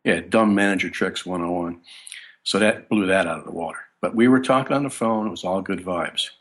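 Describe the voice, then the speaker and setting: A man, a guest bassist, telling stories in a casual interview in a rambling, anecdotal way, often breaking off and restarting. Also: fairly quick.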